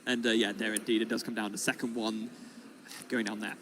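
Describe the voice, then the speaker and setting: Fast-talking man reacting to plays. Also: fairly low pitch, level tone, noisy background. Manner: quick reactive color commentary with fillers and laughs. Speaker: co-commentator. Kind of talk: live card game commentary.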